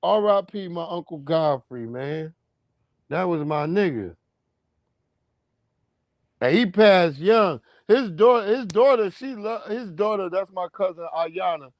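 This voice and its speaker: A man's voice: high voice, lively intonation, no room sound. A man hosting a livestream, telling rambling, profane stories in a casual monologue. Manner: profane, rambling, drawn-out storytelling. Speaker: livestream host.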